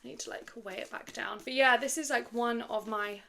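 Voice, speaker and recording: A woman's voice: a little high, a little fast, gravelly, pushed and bright, a little hiss or hum. Casting: woman, book vlogger, casual rambling chat to camera, easy laughs. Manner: chatty, rambling, with fillers and little laughs. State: slightly out of breath.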